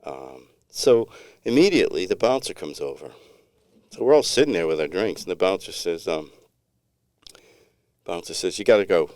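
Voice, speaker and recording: A man's voice: low-pitched, big pitch swings, moderate pace, pauses often, a little mellow, dry recording, studio quality. A middle-aged man co-hosting a podcast, telling a long story in a rambling, laid-back way with many restarts. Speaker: podcast co-host. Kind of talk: casual storytelling chat.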